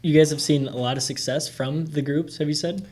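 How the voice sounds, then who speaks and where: A man's voice: on the high side, steady tone, a little fast, crowd noise. A man hosting a podcast, chatting in an easygoing way and laughing readily. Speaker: podcast host. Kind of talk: casual podcast chat.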